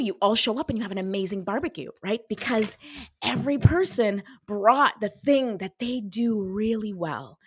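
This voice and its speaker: A woman hosting a casual motivational talk, chatty and animated, often checking in with "right?" and acting out little conversations. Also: on the high side, no room sound. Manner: chatty, lots of "right?" and acted-out dialogue. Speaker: host.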